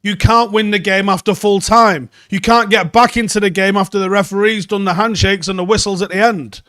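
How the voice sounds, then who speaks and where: A young man rants through a football news reaction, sarcastic and exasperated, swearing freely. His voice sits high for a man. The recording is close and dry, with no room sound. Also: steady tone, fairly quick, fairly bright tone, dry recording. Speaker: football channel host. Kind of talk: ranting reaction commentary.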